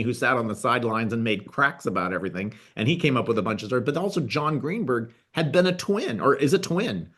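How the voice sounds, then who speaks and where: Man, rambling guest, casual chat, restarts and fillers, mid-pitched voice. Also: a bit bright. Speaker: guest, TV writer and producer.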